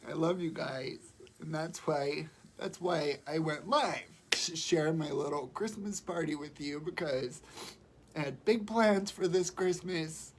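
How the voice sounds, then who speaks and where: A woman's voice: low-pitched, a little slow, a little hiss or hum. A woman with a cold on a casual livestream from home, sounding congested and fighting back tears as she talks. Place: home, indoors. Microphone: phone or webcam on a live video.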